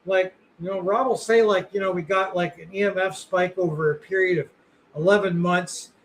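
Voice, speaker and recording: A man's voice: high-pitched, steady tone, normal speed, a little hiss or hum, poor audio. A man co-hosting a podcast, chatting casually in a rambling, blunt way with lots of fillers and the odd curse. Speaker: podcast co-host.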